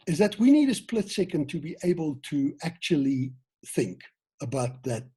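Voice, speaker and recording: A South African man leads an online sales training session on a video call. His voice is mellow and a touch husky. He keeps things lively, acting out quoted lines and throwing questions at his listeners. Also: a little high. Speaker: team trainer.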